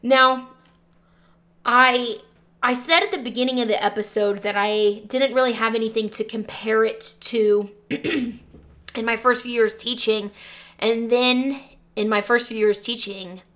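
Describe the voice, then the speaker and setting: A woman's voice: on the high side, steady tone, a little slow, fairly bright tone. A young woman, a teacher hosting a podcast, telling a personal story in an earnest, emotional way with frequent fillers.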